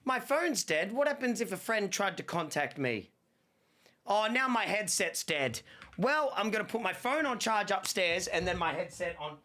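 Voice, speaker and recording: A man's voice: high-pitched, big pitch swings, moderate pace, pushed and bright. A young man streaming a game, out of breath, rambling and joking as he talks to his chat. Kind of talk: casual gaming stream chat.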